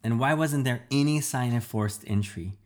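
A man's voice: mid-range voice, normal speed, voice pushed up, natural voice. A man reading a storybook aloud, voicing a secretive young girl genius who argues insistently. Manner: pressing, argumentative.

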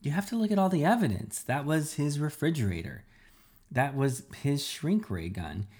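A man reads a storybook aloud, pitching his higher, slightly mellow voice above his natural one to play a secretive young girl genius. Very animated at a moderate pace, he makes her argue in a pressing, insistent way.

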